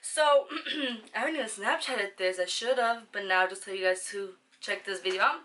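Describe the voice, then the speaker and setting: A woman's voice: mid-range voice, moderate pace, a bit bright. A young woman vlogger chatting casually through a storytime, rambling and slangy, with some swearing.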